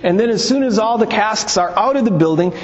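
Male Bible teacher, high-pitched, chatty storytelling delivery, muffled sound with a long hall tail. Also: animated, fairly quick. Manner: conversational, poses rhetorical questions, retells stories. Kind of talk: teaching talk on scripture and Talmud. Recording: long reverb, dull lo-fi sound.

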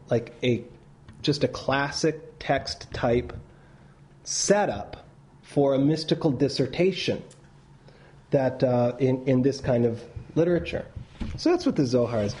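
A man teaching a class, telling stories in a loose, animated way with many restarts and reading passages aloud. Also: medium pitch, a little hiss or hum. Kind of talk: lecture with read-aloud passages.

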